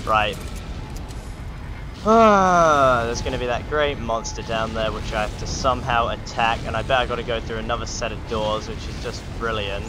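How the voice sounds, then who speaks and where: A man talks through a video game in a sarcastic, joking running commentary. His voice sits at a middle pitch. Game sounds and noise run clearly underneath. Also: moderate pace. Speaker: gaming channel host. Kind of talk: let's play commentary.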